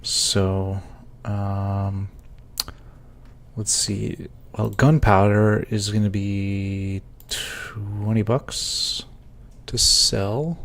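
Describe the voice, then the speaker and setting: A man's voice: lowish voice, little pitch movement, very slow, gravelly, a bit bright. A man thinking aloud as he works out prices at his computer, muttering numbers, with hiccups. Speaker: Minecraft server admin. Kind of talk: casual working commentary. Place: indoors at a computer.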